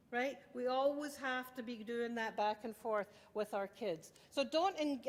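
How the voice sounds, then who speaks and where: Woman, middle-aged, parenting lecture, intense and emphatic, higher voice, hall reverb. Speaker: child development speaker.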